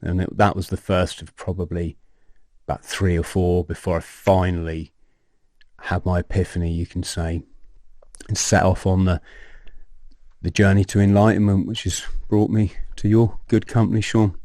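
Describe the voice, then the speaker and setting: A man, a podcast guest telling his personal story in an animated way, swearing and acting out scenes. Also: low-pitched, normal speed, dry recording, clean studio sound.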